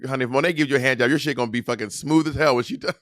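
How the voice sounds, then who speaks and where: A man co-hosting a casual chat, animated, profane and giggly. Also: mid-range voice, very fast, no room sound, studio quality. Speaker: co-host. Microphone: desk mic at a computer, streaming live.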